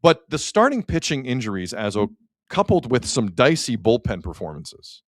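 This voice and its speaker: Male sports radio host, lively swinging pitch, dry close sound, chatty. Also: normal speed, dry recording. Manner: animated, chatty, reads stats aloud. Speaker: sports talk show host. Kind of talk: casual sports talk.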